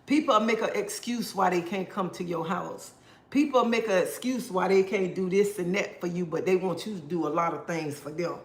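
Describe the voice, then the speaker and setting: High-voiced man giving livestream advice. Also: moderate pace. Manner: preachy, advice-giving, answers viewer comments. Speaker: livestream host. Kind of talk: casual livestream chat. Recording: roomy echo.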